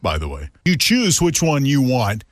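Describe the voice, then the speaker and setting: A man's voice: medium pitch, normal speed, dry recording. A man hosting a podcast in casual, joking chat with a friend, recorded in a radio station studio. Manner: chatty, animated, joking. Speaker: podcast host.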